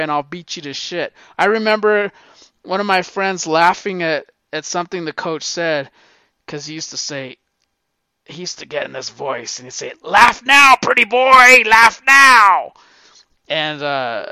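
A middle-aged man in a casual storytelling monologue, rambling and animated, with frequent swearing. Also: a little high, smooth, dry recording. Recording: dull lo-fi recording, dry.

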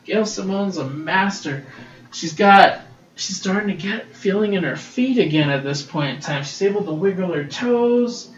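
A man's voice: sits high, normal speed. Gushing man on a distant laptop mic. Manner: gushing, excitable, swears freely. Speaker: podcast host reviewing comics. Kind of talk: casual solo review podcast. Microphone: laptop's built-in mic. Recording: roomy, distant, dull laptop-mic recording.

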